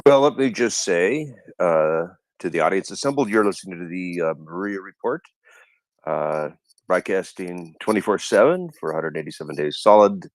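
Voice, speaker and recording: A man's voice: deep voice, expressive, normal speed, no room sound. A man co-hosting a live audio chat, giving a formal, announcer-like station identification. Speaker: co-host.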